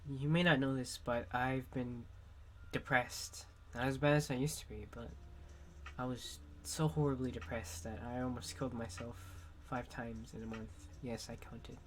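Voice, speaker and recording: A young man, sick at the moment, talking frankly and haltingly in a personal vlog monologue as a streamer. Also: mid-range voice, slight background noise.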